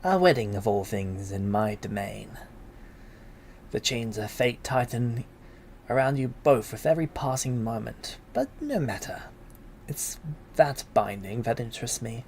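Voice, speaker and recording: A man voicing a sly old female hag who presides over a wedding in a drawn-out whisper, in a tabletop game. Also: medium pitch, lively intonation, darkish tone, a little hiss or hum.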